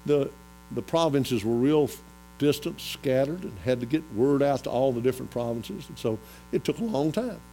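A man preaching a folksy sermon, retelling a Bible story and getting louder as he goes. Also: medium pitch, normal speed, low-quality recording. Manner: animated, rises to loud excitement when retelling the story. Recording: faint mains hum.

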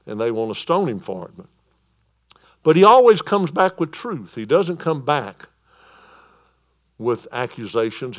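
A male pastor preaches a sermon in church. His voice is naturally loud and sits in a middle pitch. He swings between emphatic, ringing proclamation and softer, calmer stretches.

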